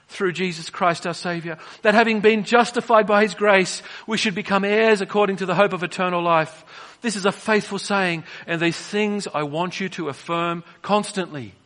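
Man, preacher, sermon, high voice, bright tone, dramatic soft-to-emphatic swings. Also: steady tone, moderate pace.

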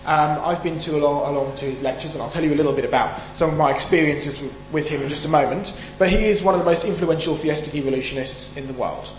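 A man from the UK delivers an emphatic sermon, often throwing questions out to his listeners. His voice sits a little high for a man. The sound is roomy and echoey, with a faint hum underneath. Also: quick pace, hardly any pauses. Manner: emphatic, asks the audience questions. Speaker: preacher.

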